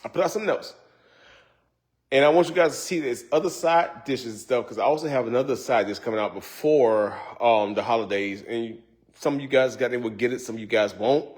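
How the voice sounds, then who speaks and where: A man with a mid-range, slightly mellow voice runs a casual cooking livestream at a brisk pace. Loose and jokey, he laughs often and says "y'all" while chatting with viewers.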